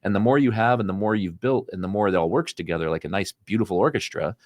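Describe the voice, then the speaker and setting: A man who is a financial advisor and podcast guest, telling stories in a casual, animated way and acting out what people said to him. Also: fairly low pitch, no echo. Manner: fast, animated storyteller acting out quoted dialogue. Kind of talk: casual interview storytelling.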